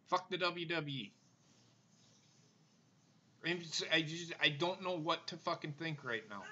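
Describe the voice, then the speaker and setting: A man hosting a wrestling stream, ranting angrily with lots of swearing while trying not to yell. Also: on the high side, measured pace, long pauses, husky, highs cut off. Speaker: wrestling show host. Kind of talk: angry live stream rant.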